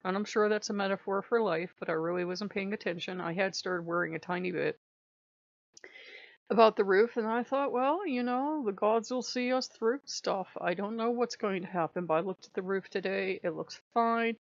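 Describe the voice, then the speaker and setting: A woman chats casually to her viewers, telling stories with animated asides and frequent laughter. Her voice has a gravelly fry. The recording is dry and slightly dull. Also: mid-range voice, brisk, no echo. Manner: chatty, laughing, animated storytelling. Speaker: vlogger. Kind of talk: casual chat.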